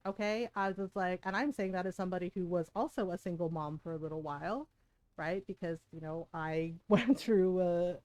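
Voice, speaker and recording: A woman's voice: lowish voice, brisk, darkish tone, no room sound, rough recording. Blunt, foul-mouthed woman streamer. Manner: swears freely, laughs often, blunt and indignant. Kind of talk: casual storytelling on a live game stream.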